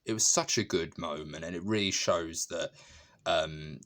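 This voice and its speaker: A film reviewer with a low, slightly bright voice speaks a little slowly, giving a casual, emotional movie review packed with fillers and restarts. He laughs often as he talks.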